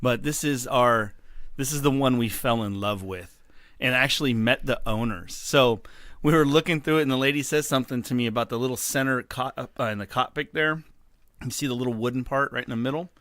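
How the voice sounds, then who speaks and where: A man's voice: medium pitch, brisk, a bit bright, no echo, clean studio sound. A man co-hosting a podcast, telling a story with enthusiasm and frequent laughs. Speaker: podcast co-host. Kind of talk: casual storytelling chat.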